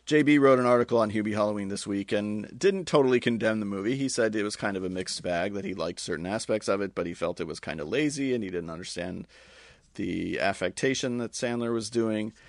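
A man co-hosting a podcast, giving measured, reflective opinions in casual chat. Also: lowish voice, no echo, clean studio sound. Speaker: podcast co-host.

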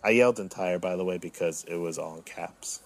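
A man's voice: deep voice, brisk, dry recording. A man in his thirties hosting a solo podcast, hamming up his moods, sliding from self-pitying mumbles to indignant outbursts. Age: 30s. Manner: mock-dramatic, swinging from self-pitying to indignant. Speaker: podcast host.

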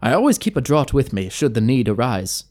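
A man's voice: mid-range voice, big pitch swings, a little fast, darkish tone, lightly acted. A man voicing a haughty, imperious female elf owl-rider captain with a sardonic edge.

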